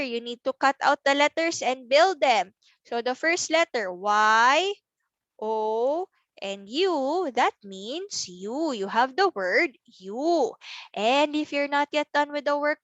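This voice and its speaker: A woman teaching a preschool class on video, speaking slowly and clearly and sounding out letters one by one for small children. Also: high-pitched, fairly bright tone, no room sound, lo-fi sound. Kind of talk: recorded class lesson.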